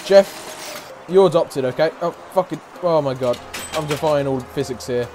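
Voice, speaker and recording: A man giving excitable, profane let's play commentary as a gaming YouTuber, trash-talking and shouting now and then. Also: fairly high pitch, measured pace, a little hiss or hum. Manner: shouts and whoops suddenly. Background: game music.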